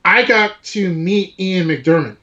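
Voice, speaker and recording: Chatty man, slightly high, dull audio. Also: pushed and bright. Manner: halting, many restarts, enthusiastic about collectibles. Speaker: podcast co-host. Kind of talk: casual chat.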